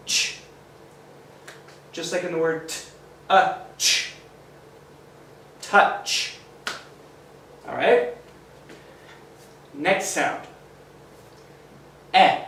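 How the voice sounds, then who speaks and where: A man teaches phonics to young children, carefully sounding out each letter and praising the class. He speaks slowly in a slightly high voice. The recording is roomy and echoey, with the mic set some distance away. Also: a bit bright, a little hiss or hum. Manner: slow, sounds out letters, encouraging.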